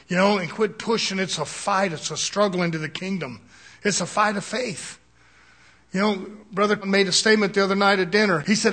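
An older male preacher with a notably high-pitched voice delivers a sermon. His talk is folksy and loose, broken by chuckles and frequent calls for an "Amen." He speaks as a plain-spoken pastor addressing his congregation. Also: fairly even intonation, a little fast, fairly bright tone.

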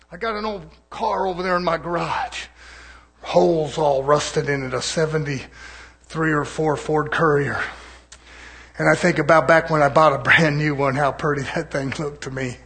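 Fiery high-voiced male preacher. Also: lively intonation, moderate pace, bright, forceful tone. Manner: impassioned, folksy preaching with rhetorical questions. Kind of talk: sermon.

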